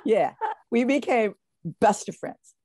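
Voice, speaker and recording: An older woman, a guest in an interview, telling stories in a lively way with many fillers and restarts. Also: a little high, slow, husky. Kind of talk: casual interview storytelling.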